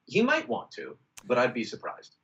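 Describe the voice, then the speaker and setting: A man's voice: mid-range voice, wildly swooping pitch, moderate pace, fairly bright tone. A man giving emphatic, opinionated political commentary over a video call, with frequent "uh" and "you know". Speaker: political contributor. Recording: muffled video-call audio.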